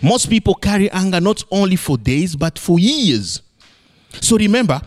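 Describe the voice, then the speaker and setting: A man preaching a sermon, playful and animated, swinging between high exclamations and low emphatic lines. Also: moderate pace.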